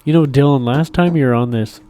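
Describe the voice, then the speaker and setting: A man's voice: medium pitch, fairly quick, mellow. A man hosting a casual podcast chat, reacting briefly and easygoing.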